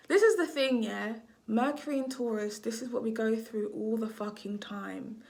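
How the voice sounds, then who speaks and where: A woman's voice: fairly high pitch, big pitch swings, measured pace, gravelly. A woman gives a casual astrology reading to camera, talking off the cuff. She rambles, drifts off track and swears freely as she goes. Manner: rambling, swears freely, loses her train of thought.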